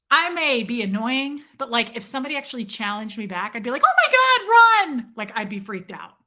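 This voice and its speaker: A middle-aged woman hosting her channel, telling a story to viewers in a loud, self-mocking way, swearing freely and acting out her own yelling. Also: fairly high pitch. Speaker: channel host. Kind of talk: casual storytelling chat to viewers.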